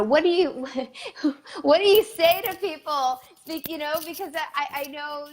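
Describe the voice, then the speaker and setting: A woman host and coach asking long, halting questions packed with fillers. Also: on the high side. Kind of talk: interview questions.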